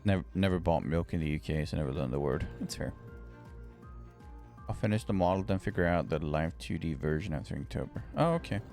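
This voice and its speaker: Very deep-voiced man grumbling casually. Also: quick pace, few pauses, mellow, faint music behind. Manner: rambling, grumbling, offhand. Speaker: live streamer answering chat. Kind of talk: casual chat.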